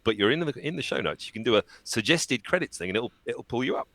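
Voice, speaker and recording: A man chatting casually as a guest, relaxed and self-deprecating, laughing easily. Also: medium pitch, fast, dry recording. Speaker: guest voice actor. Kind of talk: casual chat.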